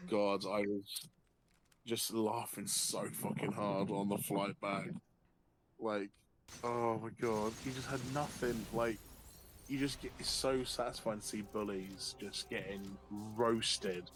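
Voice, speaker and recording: A man's voice: on the low side, slow pace, rough recording. A man, a guest on a live stream, casually telling a story, swearing freely and acting out what people said. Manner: animated and sweary, acting out quotes and laughing often.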